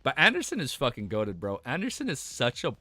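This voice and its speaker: Bright, excitable young male streamer. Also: mid-range voice, brisk, no echo. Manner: excitable, slangy and profane, breaking off to react. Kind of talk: reading a web novel aloud and reacting live.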